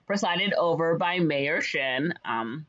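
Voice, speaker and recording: A woman casually retelling a story's plot in a rambling way, full of fillers and quick quoted voices. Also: sits low, expressive, a bit bright. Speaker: podcast co-host retelling a musical's plot. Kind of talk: casual chat. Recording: slightly dull lo-fi audio.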